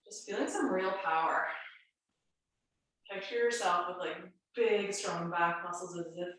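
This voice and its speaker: This fitness instructor's voice sits on the low side, unhurried and a bit bright, though congested and nasal, as she coaches a guided home workout with chatty, reassuring cues. Picked up by a camera mic at a distance, she sounds set back in a very echoey room, with a little hiss or hum.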